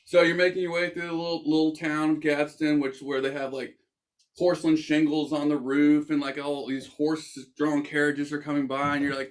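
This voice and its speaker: Animated young man telling a wild story. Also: a little high, moderate pace. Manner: animated, swears, acts out quoted voices. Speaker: podcast host. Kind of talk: casual storytelling.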